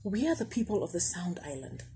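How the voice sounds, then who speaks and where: A woman's voice: fairly low pitch, big pitch swings, brisk, warm tone, slightly rough, full character voice. A woman voicing a sad male island villager in a storybook read-aloud. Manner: mournful.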